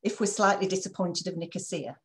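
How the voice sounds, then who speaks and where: A woman leading a live online training session, lively and encouraging, who keeps checking in with her listeners. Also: on the low side, fairly quick. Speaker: corporate trainer.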